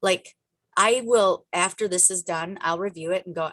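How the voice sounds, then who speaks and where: A woman coaching a group over a video call, talking with energy and emphasis and wandering into chatty asides. Her voice sits a little low for a woman. The sound is dry and close, with no room echo. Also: moderate pace, fairly bright tone. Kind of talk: motivational coaching talk.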